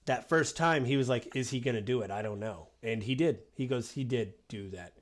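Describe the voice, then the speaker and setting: A man hosting a podcast talks through a film in loose, rambling sentences. He fills pauses with ums and you-knows and drops into little acted-out quotes. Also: medium pitch. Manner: rambling, acts out quoted lines with many fillers. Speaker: podcast host. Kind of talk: casual film discussion.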